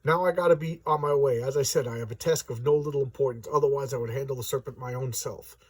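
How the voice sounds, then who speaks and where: A man doing a gruff old-timey wizard. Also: medium pitch, fast, dry recording, distant mic, close to an everyday voice. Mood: commanding. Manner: old-timey formal rural speech. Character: older male rock-shaping wizard, gruff and proud.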